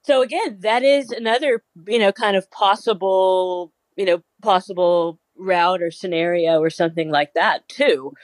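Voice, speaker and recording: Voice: mid-range voice, moderate pace, hardly any pauses, no room sound. Reflective podcast host, dry sound. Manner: rambling and reflective, with many "you know" fillers. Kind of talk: casual conversation.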